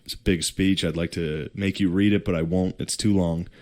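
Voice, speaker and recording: A man's voice: sits low, steady tone, moderate pace, darkish tone. A man co-hosting a podcast, telling history in a casual, profane, slangy way with joking asides. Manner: profane, slangy storytelling with put-on quotes and laughter. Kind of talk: casual comedic history chat.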